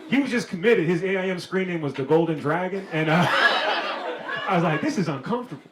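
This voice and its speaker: High-voiced man doing slangy stand-up. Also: lively intonation, a little fast, heavy background noise. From Maryland, United States. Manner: loose, slangy, laughing through lines. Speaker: stand-up comedian. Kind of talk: stand-up comedy set. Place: comedy club stage. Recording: roomy club with loud crowd laughter. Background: audience laughter.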